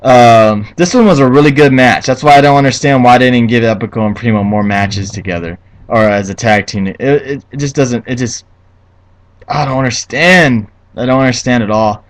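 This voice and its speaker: A young man giving a casual solo review of a wrestling show, profane and quick to get heated, with many restarts and fillers. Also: mid-range voice, low-quality recording. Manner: profane, ranting, easily heated.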